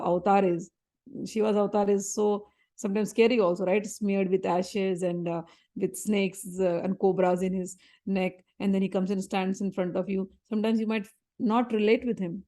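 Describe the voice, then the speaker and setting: A woman, a spiritual teacher, giving a spiritual talk in an animated storytelling manner and repeating phrases for emphasis. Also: medium pitch.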